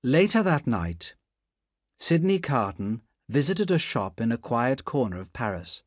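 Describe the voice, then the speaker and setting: A man reads a story aloud slowly and deliberately, and his pitch moves a lot. The sound is dry and close. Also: very animated, no echo. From Indonesia. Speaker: narrator.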